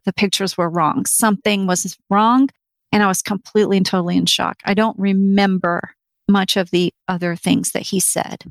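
A woman's voice: mid-range voice, creaky, no room sound. A middle-aged woman telling a personal story in an interview, earnest, acting out what people said. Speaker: interview guest.

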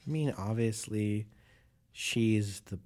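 A young man co-hosting a casual podcast, giving his take in a relaxed, rambling way. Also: fairly low pitch, takes it slowly. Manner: relaxed, rambling, lots of fillers. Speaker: podcast co-host. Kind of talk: casual chat.

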